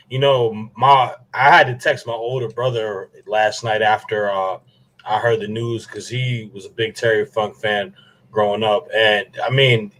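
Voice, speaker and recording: A man's voice: on the low side, a bit bright, a little hiss or hum, low-quality recording. A man co-hosting a podcast in a laid-back, casual way. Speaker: podcast co-host. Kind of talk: casual chat.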